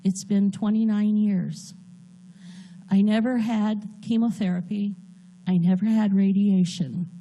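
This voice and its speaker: Slow, earnest woman in her sixties. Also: medium pitch, steady tone, warm tone, low-quality recording. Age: 60s. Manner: earnest, heartfelt storytelling. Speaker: church member giving a testimony. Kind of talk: personal testimony. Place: church.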